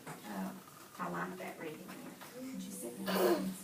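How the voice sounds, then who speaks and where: A woman's voice: fairly low pitch, sing-song, slow pace, vocal fry. A woman teaching young children to read, patient and prompting them with questions. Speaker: reading teacher. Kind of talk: guided reading with young children. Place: classroom. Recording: echoey classroom from far off, loud noise.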